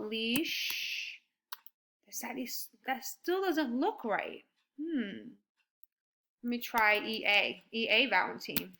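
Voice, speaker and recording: A woman teaching a first grade writing lesson, sounding out words slowly and praising her students. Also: mid-range voice. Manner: slow and deliberate, sounding out words; encouraging, animated when praising.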